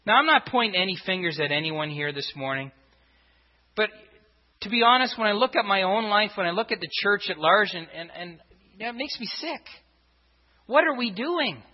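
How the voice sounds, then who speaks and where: Here a man speaks as a pastor, his voice high and animated at a normal speed, driving each point of his sermon home through rhetorical questions he keeps repeating. It was captured in a church sanctuary, and the sound is dull and reverberant.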